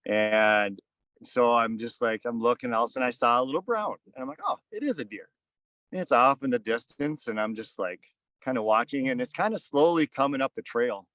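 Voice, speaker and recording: A man's voice: medium pitch, lively intonation, fairly quick, fairly bright tone, no room sound. A man in his thirties or forties, a podcast guest, telling a casual story in a rambling way full of "kinda" and "like.". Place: on a fishing boat.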